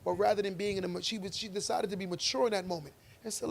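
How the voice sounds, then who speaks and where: A man's voice: high-pitched, steady tone, racing, creaky. A man co-hosting a podcast, arguing his view with emphatic, preachy conviction and telling stories along the way. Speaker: podcast co-host. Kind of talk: casual debate chat.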